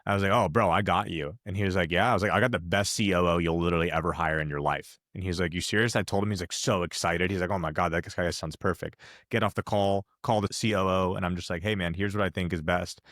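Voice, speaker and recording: A man's voice: deep voice, fairly even intonation, quick pace, fairly bright tone, no room sound, studio quality. A man talking as a podcast guest, laid-back and confident, with slangy storytelling. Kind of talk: casual podcast conversation.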